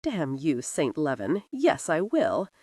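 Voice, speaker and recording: A woman's voice: low-pitched, wildly swooping pitch, slow pace, mellow, husky, dry recording, clean studio sound, heavily acted. A woman narrator voicing a weary, restless young earl who speaks in clipped, curt lines.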